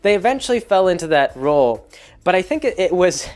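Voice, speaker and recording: A man's voice: sits high, big pitch swings, fairly quick. A man running a tabletop game recaps a session in casual chat. He rambles amusedly, full of "like" and restarts. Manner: amused, laughs along as he tells it. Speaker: game master and host.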